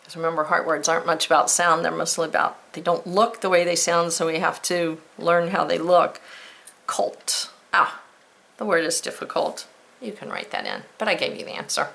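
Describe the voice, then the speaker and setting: A woman teaching a spelling lesson who talks slowly and clearly and spells words out letter by letter. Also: on the low side, steady tone, fairly bright tone.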